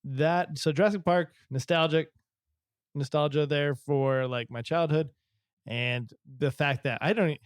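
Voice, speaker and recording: A man's voice: fairly high pitch, unhurried, clean tone, no echo, studio quality. Rambling man in casual podcast chat. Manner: rambling, many fillers and restarts. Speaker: podcast co-host.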